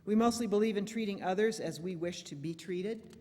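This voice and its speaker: A woman's voice: mid-range voice, brisk, long reverb tail. A woman minister giving a sermon in a church, telling jokes in a storytelling manner. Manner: warm storytelling, lively shifts in loudness. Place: church sanctuary.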